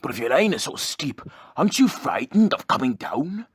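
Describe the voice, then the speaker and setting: A man voicing a calm, knowing old male engine who teases the others in a measured, chuckling way. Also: mid-range voice, slightly rough. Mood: teasing.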